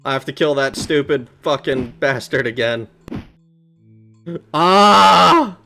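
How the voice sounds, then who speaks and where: A streamer playing a retro role-playing game gives let's play commentary in a medium-pitched, fairly bright, steady voice at a moderate pace, with soft music in the background. He swears heavily, gets frustrated easily, and answers his chat.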